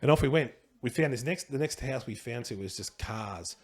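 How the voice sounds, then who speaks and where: A man's voice: medium pitch, animated, moderate pace, breathy edge. A middle-aged Australian man telling a rambling, slangy story as a podcast guest, chuckling as he goes. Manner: rambling, chuckling, loose slangy delivery with restarts. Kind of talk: casual anecdotal storytelling.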